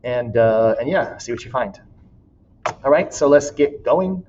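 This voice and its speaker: A man's voice: medium pitch, expressive, measured pace, a little mellow, highs cut off, slight background noise. A man teaching a class in a recorded walkthrough, casual and laughing often as he reads student writing aloud.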